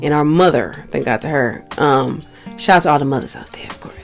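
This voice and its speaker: A woman's voice: low-pitched, fairly quick, gravelly, soft background music, poor audio. A woman co-hosting a casual faith talk, speaking earnestly as she testifies about her own hard times. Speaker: co-host.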